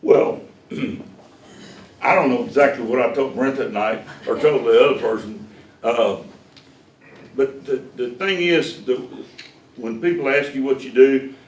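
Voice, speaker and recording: A man's voice: mid-range voice, measured pace, long pauses, a little hiss or hum. A man, running a sales class as the owner of a car dealership and telling stories that act out the dialogue. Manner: folksy, animated storyteller who acts out dialogue. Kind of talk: storytelling lecture to a class. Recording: echoey room, voice from far off.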